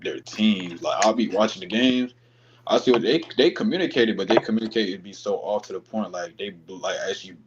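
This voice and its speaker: A young man with a very deep voice speaks as a guest on a sports podcast. His talk is halting and casual, full of fillers. The audio is slightly dull, with faint background noise. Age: young adult. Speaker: student athlete guest.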